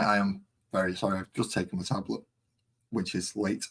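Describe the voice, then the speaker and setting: A man's voice: lowish voice, level tone, brisk, slightly rough. A man with a West Midlands accent, chatting casually and rambling with self-mockery while he sets up and paints on a live stream. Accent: West Midlands English.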